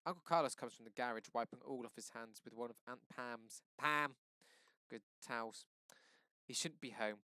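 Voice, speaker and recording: A male teacher reading a novel aloud to his class in a lively, expressive way. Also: mid-range voice, normal speed, clean tone, dry recording.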